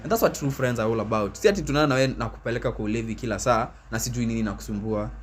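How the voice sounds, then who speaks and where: Young Kenyan male co-host, mid-pitched, rapid explanatory code-switching chat. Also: a little hiss or hum. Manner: quick, explains with examples, frequent agreeing hums. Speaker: podcast co-host. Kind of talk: casual chat.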